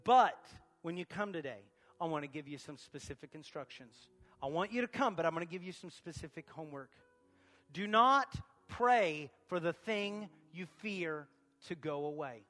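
A man preaching a sermon as pastor of a church, moving from quiet talk to shouted passages. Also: fairly high pitch, moderate pace, in a large hall, soft background music.

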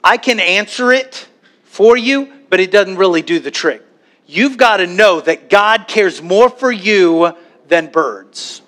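Guy with a high voice preaching, lively, jumps into fretful little voices. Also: slow. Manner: animated preaching with acted worried voices. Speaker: pastor. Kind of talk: sermon.

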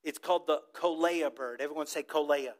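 Pastor, male, high-pitched, lively sermon storyteller who gets the crowd to echo him. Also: fairly quick. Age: adult with a child old enough to talk. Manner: animated storytelling, asks the congregation to repeat words.

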